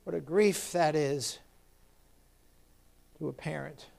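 Man, preacher, high-pitched, impassioned sermon delivery, loud then hushed. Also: slow pace, creaky. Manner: impassioned preaching, rising to cries then dropping to hushed appeals. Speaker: pastor.

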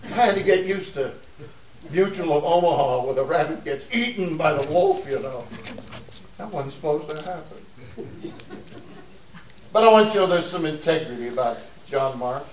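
A man's voice: fairly high pitch, animated, normal speed, long pauses, darkish tone, a little hiss or hum. A middle-aged man preaching a sermon in a folksy, joking way, laughing often between points. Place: church. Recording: echoey dull room sound from a distance.

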